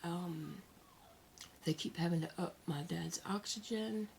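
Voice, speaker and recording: A woman with a Southern American drawl, speaking a bit low with a gravelly edge to her voice. She talks to her viewers at home, candid and soft-spoken, pausing often and still emotional after crying. A faint background hiss sits under her voice. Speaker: vlogger. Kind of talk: casual vlog talk to camera. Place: at home, indoors.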